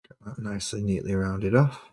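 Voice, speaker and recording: A man with a warm, husky, lowish voice talks a little fast while streaming himself painting miniatures. He chats casually as he works and mutters sarcastic asides to himself.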